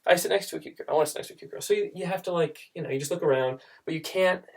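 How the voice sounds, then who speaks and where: A man's voice: a little high, very fast, vocal fry. A young man telling a comic story straight to camera in a rambling, self-interrupting way.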